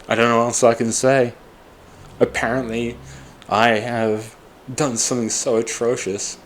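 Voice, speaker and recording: A man's voice: medium pitch, flat delivery, moderate pace, a little hiss or hum. A man in his forties, upset and exhausted, venting in a bitter, raw personal monologue full of swearing. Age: 40s. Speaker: vlogger.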